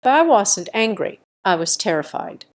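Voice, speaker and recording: A distraught young son, read by a woman narrator, speaks in panic, his words choked and rushed. It sits inside a storybook reading. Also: medium pitch, very animated. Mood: panicked.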